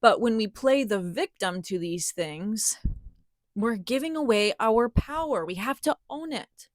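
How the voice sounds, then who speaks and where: A woman's voice: fairly high pitch, expressive, measured pace, no echo. Spiritual vlogger, woman, emphatic and earnest, dead-dry close recording. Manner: earnest, emphatic, acts out inner voices. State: out of breath. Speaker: spiritual teacher. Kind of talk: impassioned spiritual monologue to camera.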